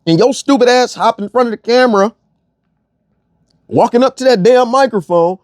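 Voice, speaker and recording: A man's voice: very high-pitched, normal speed, dry recording, clean studio sound. A young man delivering a blunt, profane rant as an online commentator, repeating phrases for emphasis. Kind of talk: ranting monologue.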